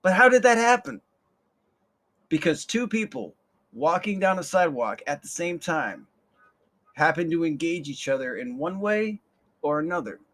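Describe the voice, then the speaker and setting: A man's voice: a little high, expressive, moderate pace, fairly bright tone. Rambling young man swearing casually. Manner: casual, swearing, repeats words, reflective. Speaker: podcast host. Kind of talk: rambling storytelling monologue.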